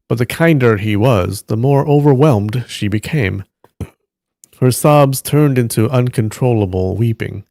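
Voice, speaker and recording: A man on a live stream reading a novel aloud at a steady pace, stopping now and then to react to the story. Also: mid-range voice, unhurried, vocal fry, no room sound, clean studio sound.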